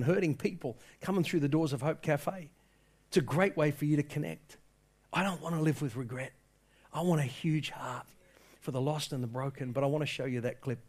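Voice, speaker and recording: A man with a notably high voice preaches a sermon from the pulpit. He tells a story with rising passion, then presses his point home to the congregation. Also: a little mellow. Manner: impassioned storytelling, quoting people in his tale. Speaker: pastor.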